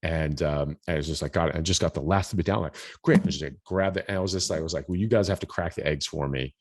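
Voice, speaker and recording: A man hosting a podcast, telling a story in a rambling, animated way, full of restarts and quoted asides. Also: extremely low pitch, fast talker. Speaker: podcast host. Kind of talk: casual storytelling.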